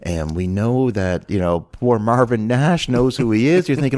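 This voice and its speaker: A man's voice: medium pitch, normal speed, a little mellow. A man hosting a casual movie review podcast, animatedly retelling scenes one by one and swearing casually as he goes. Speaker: podcast host.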